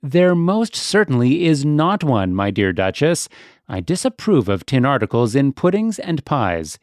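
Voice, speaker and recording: A man's voice: medium pitch, sing-song, a little slow, dry recording, clean studio sound. A man voicing a prim, proper female cat hostess who speaks in a genteel, disapproving, matter-of-fact way.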